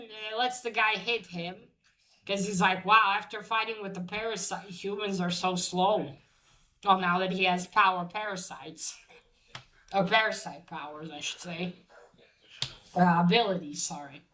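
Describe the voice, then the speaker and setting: Bright-voiced woman recapping a manga. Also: mid-range voice. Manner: rambling, halting, many fillers and restarts; swears casually. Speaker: manga reviewer. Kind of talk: casual plot recap and book showing.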